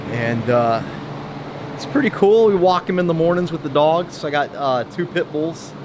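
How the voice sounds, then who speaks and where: A man's voice: a little high, expressive, normal speed, background noise. A man chatting casually in his home welding shop, rambling with lots of fillers and restarts. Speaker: vlogger showing his shop. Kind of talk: casual vlog chat.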